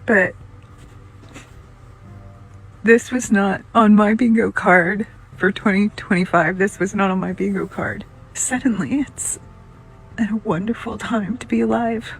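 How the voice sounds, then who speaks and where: Emotional woman with a gravelly voice. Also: medium pitch, steady tone, a little slow, pauses often, faint music behind, rough recording. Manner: emotional, breathless, drops to whispers. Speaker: social media creator. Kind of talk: emotional casual talk to camera.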